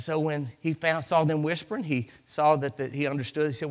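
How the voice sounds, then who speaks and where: A man preaching to his church, his voice sitting a touch high for a man. He talks to the congregation in a loose, chatty way, acting out little scenes and calling out hallelujahs as he goes. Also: fairly even intonation, brisk. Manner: preachy, conversational, with acted-out asides and hallelujahs. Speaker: pastor. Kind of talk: sermon.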